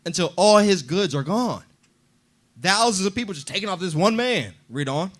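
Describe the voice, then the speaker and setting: A man teaching a Bible class in a preaching style, lively and acting out quoted voices as he explains. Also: sits high, normal speed. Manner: animated, acts out voices in quotes.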